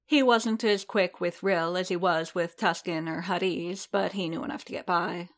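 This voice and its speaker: A woman reading a story aloud in a measured, steady narrating manner. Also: fairly low pitch.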